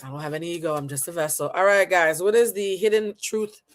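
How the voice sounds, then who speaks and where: On a live stream, a woman reads tarot for her viewers, laughing often and chatting in casual slang. She's animated, blunt, and playful, with a lowish voice and a quick pace.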